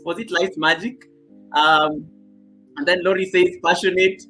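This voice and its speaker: A man with a high, bright voice and a husky edge hosts a casual live stream from his home set. He shifts from loud, animated greetings to quiet muttered asides as he reads the chat. Faint music plays behind him. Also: measured pace, poor audio. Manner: greets viewers by name and reads chat comments aloud. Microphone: laptop mic.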